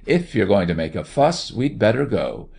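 A man playing a selfish, impatient gentleman who speaks gruffly and testily, dismissing his companion's fears. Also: lowish voice, sing-song, moderate pace, heavily acted. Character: selfish, impatient gentleman seducer, coarse and cross.

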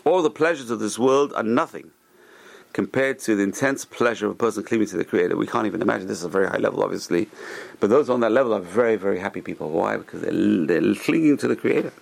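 A man giving a Torah class, animated and repeating phrases for emphasis. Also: lowish voice, quick pace, gravelly. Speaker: rabbi teaching a class.

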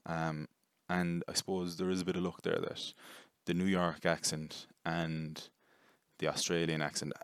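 Low flat-voiced guy reviewing a film. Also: a little slow, clear, resonant tone, no echo, studio quality. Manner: rambling, self-correcting, swearing, jokey.

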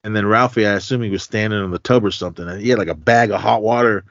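A man's voice: on the low side, racing, no echo, muffled recording. A man hosting a podcast, casually retelling a movie's plot in a rambling style full of fillers. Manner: rambling, filler-heavy storytelling. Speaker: podcast host.

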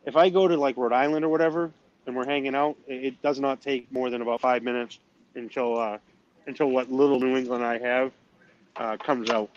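A man from northern Maine talks casually as a podcast guest, easygoing and self-deprecating. His voice sits at a middle pitch, and the recording sounds a little dull. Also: steady tone, a little fast. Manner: chatty, self-deprecating, with frequent restarts. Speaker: cigar company guest. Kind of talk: casual interview chat.

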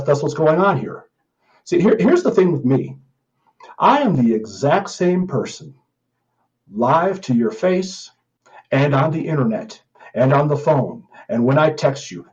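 A man's voice: mid-range voice, darkish tone, muffled recording. A man hosting a podcast, talking in an indignant, emphatic way as he reads online comments aloud and answers them. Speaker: podcast host.

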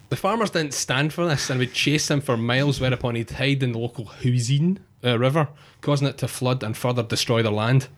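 A man telling a crude, jokey comic story with deadpan asides. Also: mid-range voice, a little slow, pauses often. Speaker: podcast co-host telling a monster story.

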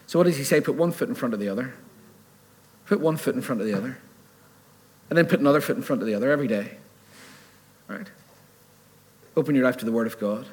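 A man with a husky, slightly breathy voice delivers a sermon. He talks earnestly and conversationally, often turning to the congregation with questions. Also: mid-range voice, expressive, fast, pauses often. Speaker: preacher.

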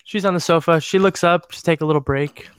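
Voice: mid-range voice, fairly even intonation, a little fast, clear, resonant tone, no echo. A host of a casual radio show talking in a loose, wry, playful way. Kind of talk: casual chat.

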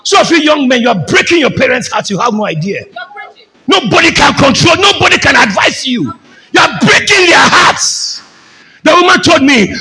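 A man preaching a fervent sermon as pastor, often shouting and calling the congregation to say amen. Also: extremely high pitch, big pitch swings, moderate pace, rough recording.

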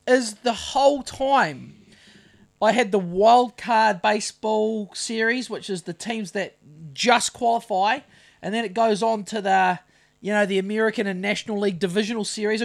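A man's voice: sits high, a bit bright. A middle-aged man with a New Zealand accent chats loosely on a podcast. He rambles, trails off, and restarts his sentences as he goes. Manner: rambling, halting, many restarts. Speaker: podcast co-host. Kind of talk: casual chat.

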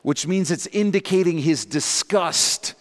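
A man's voice: on the high side, a little slow, in a large hall. A man preaching a verse-by-verse sermon, emphatic and dropping in casual asides. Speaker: pastor. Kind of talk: sermon teaching through scripture.

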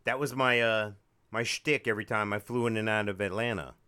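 A man's voice: fairly low pitch, steady tone, fairly quick, bright, forceful tone, smooth. A man co-hosting a casual podcast chat, joking and wry, rambling through restarts. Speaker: podcast co-host.

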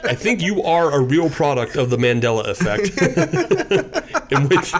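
A man's voice: on the high side, big pitch swings, unhurried. A man co-hosting a casual beer podcast, teasing his friends and laughing often. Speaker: podcast co-host. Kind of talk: casual chat.

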